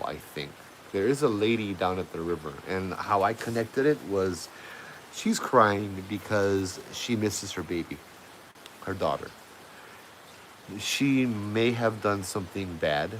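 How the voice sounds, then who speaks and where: A man's voice: fairly low pitch, a little slow, a bit bright, slight background noise, low-quality recording. A man hosting a livestream, telling a ghost story in a casual, rambling way with plenty of fillers and restarts. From Hawaii. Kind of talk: casual storytelling to a live chat.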